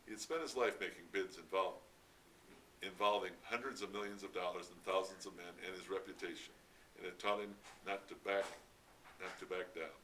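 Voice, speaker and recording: A man reading a novel aloud at a library event, steady with occasional stumbles. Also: low-pitched, moderate pace. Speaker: reader at a library read-out. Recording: distant mic, faint background noise.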